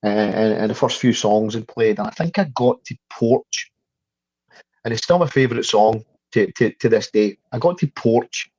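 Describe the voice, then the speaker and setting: A man's voice: fairly low pitch, animated, moderate pace, darkish tone, husky, dry recording, lo-fi sound. A Scottish man in his fifties, a guest telling a story in casual conversation, full of stuttered restarts and the odd swear. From Scotland. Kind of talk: casual interview chat.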